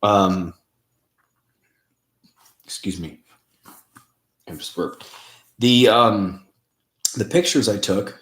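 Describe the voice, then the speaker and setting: A man's voice: on the low side, very slow, long pauses, fairly bright tone, a little hiss or hum. A man hosting a casual livestream, rambling and laughing as he reads viewer comments. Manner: rambling, laughs often, many fillers. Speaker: paranormal show host. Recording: roomy echo.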